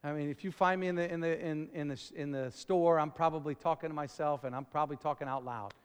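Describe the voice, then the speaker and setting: A middle-aged man preaching a sermon, rambling and repeating words, then building up to shouting. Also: on the high side, fairly even intonation, quick pace, a little hiss or hum. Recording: long reverb of a large hall.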